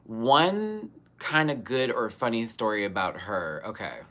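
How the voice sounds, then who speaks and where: Her bass voice has a fairly bright tone, and her delivery is animated but a little slow. She's a young woman running a live Q&A show, spinning a casual livestream story that's sassy, dramatic and full of profanity, punctuated by laughter.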